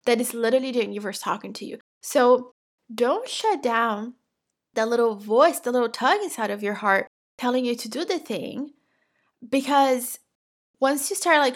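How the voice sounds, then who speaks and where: A woman with an accent hosting a podcast, talking in an encouraging, empathetic and emphatic way in a motivational monologue. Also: fairly high pitch. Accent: non-native English accent. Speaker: podcast host.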